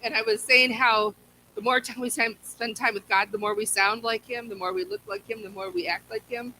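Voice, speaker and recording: A woman's voice: fairly high pitch, steady tone, brisk, sharp tone, slight background noise, rough recording. A woman teaching a Bible lesson at a church, talking conversationally and often repeating words as she restarts.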